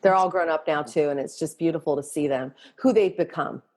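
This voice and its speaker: A woman's voice: low-pitched, fairly quick, a little mellow. Candid middle-aged woman guest. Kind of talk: casual podcast interview.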